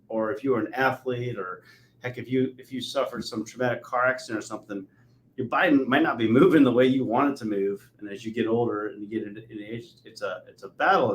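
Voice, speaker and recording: Animated man in his forties, echoey room. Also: medium pitch. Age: 40s. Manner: animated storyteller, acts out quotes. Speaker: podcast host. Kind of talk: conversational interview.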